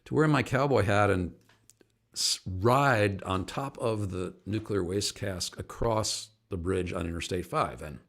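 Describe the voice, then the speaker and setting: A man's voice: lowish voice, a little slow, creaky, fairly bright tone. A middle-aged man, a singer and activist, rambles and chuckles as he tells stories and greets viewers by name on his live online show. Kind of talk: casual live-stream storytelling.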